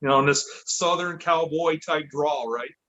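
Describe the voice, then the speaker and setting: A man from Michigan, a podcast guest, telling a story in a casual, lively way, correcting himself as he goes. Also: on the high side, normal speed, rough recording. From Michigan, USA. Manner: lively, self-correcting, acts out quotes.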